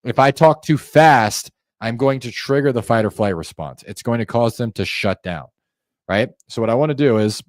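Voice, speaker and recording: A man's voice: medium pitch, lively intonation, normal speed, no room sound, studio quality. A man teaching sales call technique, talking viewers through a script and acting out how each line should sound. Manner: coaching, demonstrates phone tones by acting out calls; conversational, addresses viewers directly. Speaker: sales trainer. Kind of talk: instructional screen-share walkthrough.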